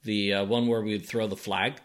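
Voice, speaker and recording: A man's voice: on the low side, little pitch movement, a little fast. A man co-hosting a podcast in casual chat, laid-back, reading listener messages aloud. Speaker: podcast co-host.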